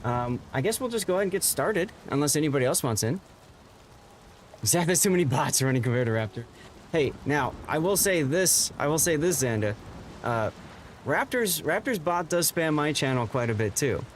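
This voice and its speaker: A man hosting a game livestream, chatting casually to viewers in a rambling way, with bursts of excited greetings. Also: fairly high pitch, moderate pace, slight background noise. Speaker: game streamer and host.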